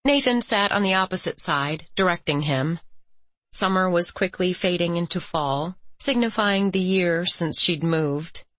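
A woman reading a romance audiobook as its narrator, with measured, even storytelling. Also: lowish voice, no room sound. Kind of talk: scripted narration.

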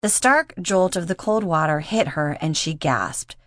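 A woman narrating an audiobook in a steady, measured reading voice. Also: lowish voice, no echo, clean studio sound. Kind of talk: scripted narration.

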